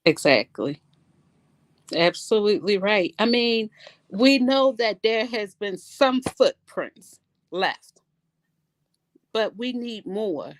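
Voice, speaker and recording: A woman's voice: medium pitch, animated, takes it slowly, pauses often, dry recording. A young woman, a guest on a talk show, speaking emphatically and repeating her phrases. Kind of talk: casual panel talk.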